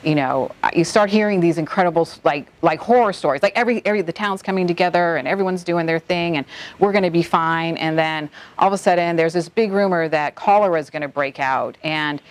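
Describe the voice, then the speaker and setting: Low-voiced woman, halting and emotional. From the Bahamas. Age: middle-aged. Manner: halting, many restarts and fillers, close to tears. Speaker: executive director of an environmental nonprofit. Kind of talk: emotional interview recollection.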